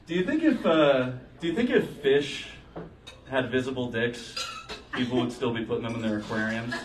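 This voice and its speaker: A man's voice: medium pitch, expressive, moderate pace, distant mic, noisy background. A young man doing a rambling, crude stand-up comedy set in a bar, often laughing at his own jokes. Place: bar stage with a live audience.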